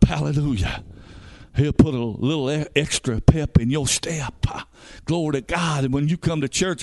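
Preacher guy, fiery revival sermon, lots of hallelujahs, kinda high voice, gets loud. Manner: fervent, frequent hallelujahs, builds to shouting. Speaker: evangelist.

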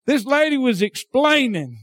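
A man with a Southern hillbilly drawl preaching a sermon, swinging between shouted passages and quiet, folksy talk. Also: extremely high pitch, big pitch swings, a little slow, no room sound, clean studio sound.

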